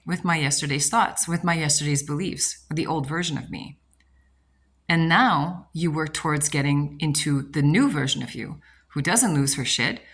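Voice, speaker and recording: Deep-voiced woman coach, blunt and emphatic, fond of rhetorical questions. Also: a bit bright, breathy edge. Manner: emphatic, blunt, swears casually. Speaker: manifestation coach. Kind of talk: motivational talk to camera.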